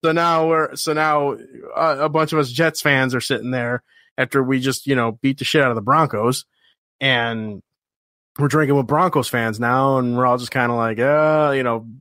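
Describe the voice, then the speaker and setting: A man's voice: medium pitch, steady tone, normal speed, a bit bright, dry recording. Man, casual sports podcast co-host, rambling and swearing, dry close sound. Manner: rambling storyteller, acts out quoted voices, swears.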